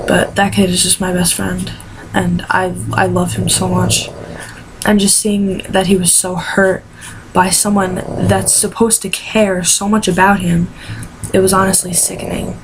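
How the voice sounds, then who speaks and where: A teenage girl telling a personal story in an emotional vlog, tearful and rambling. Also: on the low side. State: crying. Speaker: vlogger. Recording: noisy home recording.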